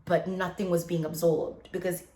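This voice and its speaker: A young adult woman vlogging in a casual, chatty way, animated and laughing often, with many fillers. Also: on the low side, normal speed. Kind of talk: casual chat. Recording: echoey room.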